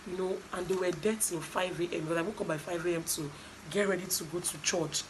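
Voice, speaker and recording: A woman's voice: lowish voice, fairly quick, a little hiss or hum, rough recording. Chatty Nigerian woman vlogger. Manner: animated, chatty storytelling with asides. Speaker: vlogger recapping a reality show. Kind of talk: casual gossip recap.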